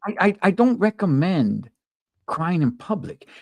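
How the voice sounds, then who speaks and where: A man hosting a casual talk show, animated and repeating himself when worked up. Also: high-pitched, unhurried, no echo, studio quality. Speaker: podcast host. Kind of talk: casual opinion chat.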